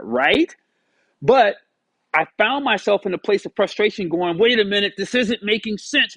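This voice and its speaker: A man giving a casual motivational monologue, animated and storytelling, acting out his own past dialogue. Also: a little high, slightly rough, no echo, poor audio. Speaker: motivational vlogger.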